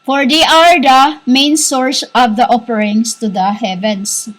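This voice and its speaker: A woman giving a rambling spiritual monologue, halting and repetitive, scolding her listeners as "humans". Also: on the high side, steady tone, a bit bright, low-quality recording. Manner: scolding, insistent. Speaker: self-styled spiritual teacher.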